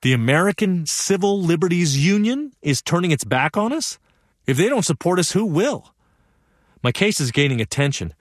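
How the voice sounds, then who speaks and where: A young actor narrating a one-man stage play as an earnest young man, telling the story in a lively, wry way. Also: fairly high pitch, normal speed, no room sound, clean studio sound.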